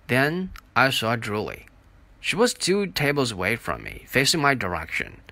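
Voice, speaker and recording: A man narrating an audiobook in an expressive, unhurried storytelling manner. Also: medium pitch, creaky, dry recording. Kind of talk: audiobook reading.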